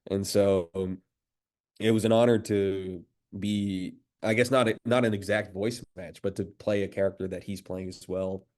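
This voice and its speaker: A man with a somewhat deep voice talks easily in an interview. He sounds eager and admiring, a voice actor from the United States sharing his enthusiasm. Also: fairly even intonation, normal speed, darkish tone. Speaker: voice actor guest. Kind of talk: casual interview chat.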